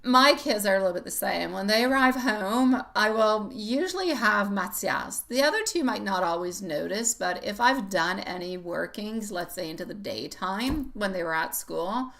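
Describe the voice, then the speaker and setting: A woman's voice: mid-range voice, lively intonation, normal speed, gravelly, few pauses, fairly bright tone. A middle-aged woman giving a live-stream tarot reading, chatty and affectionate, laughing often as she greets viewers. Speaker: tarot reader.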